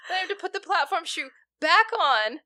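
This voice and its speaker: Young woman, podcast co-host, bright voice, dry close sound, laughs a lot. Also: extremely high pitch, animated, a little fast, no room sound. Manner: laughs often while telling a story. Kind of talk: casual chat.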